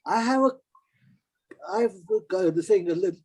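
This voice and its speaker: A man chatting playfully on a video call, halting with many fillers. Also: high voice, animated, darkish tone, slightly rough, rough recording. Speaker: book club member. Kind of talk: casual chat.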